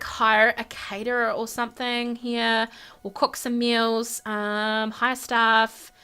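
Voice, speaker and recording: A woman's voice: a little high, little pitch movement, slow pace, sharp tone, clean tone. A woman hosting a gaming channel, giving casual, chatty gameplay commentary full of fillers. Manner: chatty, bubbly, lots of fillers.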